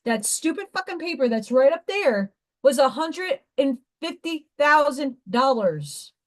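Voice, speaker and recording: A woman's voice: high-pitched, big pitch swings, measured pace. A woman hosting a casual livestream, talking in a rambling, emphatic way and greeting viewers by name between her points. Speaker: livestream host and school teacher.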